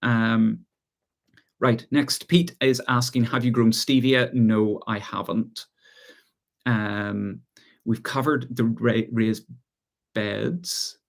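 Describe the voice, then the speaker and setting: A man with an Irish accent hosting a relaxed live chat, reading out viewer questions and answering them with easy laughs. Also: medium pitch, slow pace, gravelly, pauses often. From Ireland. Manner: relaxed, chatty, reads out viewer comments and laughs often. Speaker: gardening channel host.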